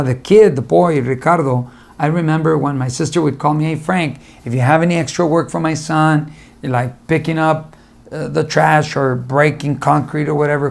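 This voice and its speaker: A middle-aged man speaks as a motivational speaker, his voice sitting a bit high with a gravelly edge. He tells personal stories, acts out the conversations and drives his advice home by saying it again. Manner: storytelling, acting out conversations, repeats advice for emphasis.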